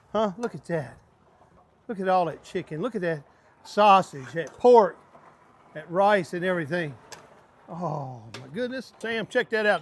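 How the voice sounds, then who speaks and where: A man walks viewers through a big outdoor cook, his voice sitting high for a man. He talks in a hearty, excitable way and stretches out his exclamations, like a casual cooking show host. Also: slight background noise.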